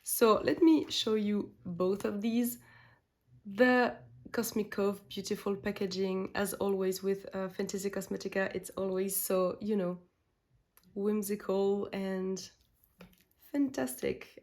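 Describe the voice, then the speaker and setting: A woman's voice: medium pitch, steady tone, measured pace, a little mellow. A woman whose first language is French, talking casually and enthusiastically to camera in a beauty vlog, with frequent fillers and restarts. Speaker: beauty vlogger. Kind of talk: casual makeup chat.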